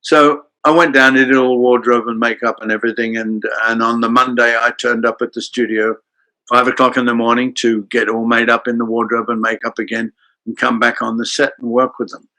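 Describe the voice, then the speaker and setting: An older man from Australia, a guest actor telling anecdotes in an animated way and acting out the voices in his stories. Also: medium pitch, a little fast, low-quality recording. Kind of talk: anecdotal storytelling in a chat.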